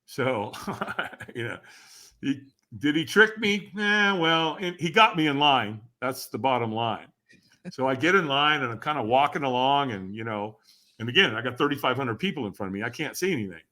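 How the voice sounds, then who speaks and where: A man guesting on a podcast, telling a story with animated energy and acting out the dialogue. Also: mid-range voice, normal speed. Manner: acts out quoted dialogue, emphatic and lively.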